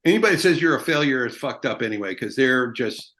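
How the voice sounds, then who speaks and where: A man's voice: medium pitch, lively intonation, fast, fairly bright tone. A middle-aged American man, an army veteran guest in an interview, talking in a blunt, emphatic way and swearing freely. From United States. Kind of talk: casual interview talk.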